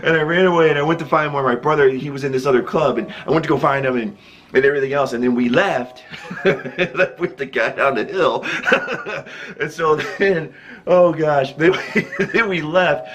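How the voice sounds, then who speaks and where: A man with a slightly raised pitch tells a story on his own vlog. He talks in a loose, rambling way, full of fillers and restarts, and keeps chuckling between phrases. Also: normal speed, fairly bright tone. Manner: chuckles often while telling a story. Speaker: channel host.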